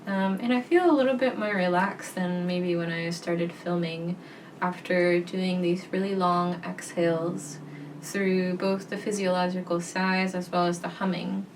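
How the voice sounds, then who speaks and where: A young woman guiding a gentle voice practice in a soft, calm, reassuring way. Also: on the low side, measured pace, recorded from a distance, slight background noise. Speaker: voice teacher.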